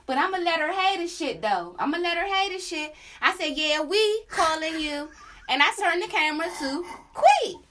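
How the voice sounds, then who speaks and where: A young woman hosts a casual podcast with a high, bright voice. She tells the story in animated, profane chat and breaks into sung la la la asides. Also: normal speed. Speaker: podcast host.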